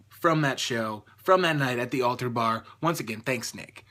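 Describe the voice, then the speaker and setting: A man's voice: mid-range voice, normal speed, bright, forceful tone. A man hosting a casual podcast interview, chatty and offhand, with a dry self-mocking streak. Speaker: podcast host.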